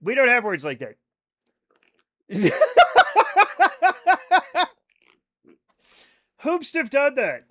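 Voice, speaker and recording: A man streaming a game live, talking in a high voice with a bright, forceful edge. He rambles and jokes loosely, swearing freely as he chats to his viewers. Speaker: livestreaming gamer. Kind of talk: casual live-stream chat.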